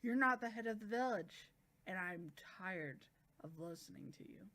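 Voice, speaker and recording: A woman's voice: mid-range voice, expressive, moderate pace, bright, forceful tone. A woman voicing a protective young village heir from a manga, curt and stubborn toward his elders.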